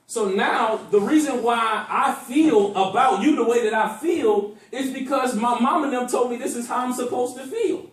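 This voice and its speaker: A high-voiced man teaching a class, leaning hard on each word and letting his voice swing for effect. He sounds set back from the mic in an echoey room, with the space ringing around him. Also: normal speed, few pauses, far from the mic. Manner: emphatic, varies his voice for effect.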